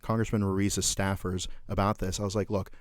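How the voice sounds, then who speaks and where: A man's voice: sits low, little pitch movement, moderate pace, no echo, studio quality. A man in his thirties, a Marine veteran hosting a podcast, telling profane stories in casual chat with lots of fillers and laughs.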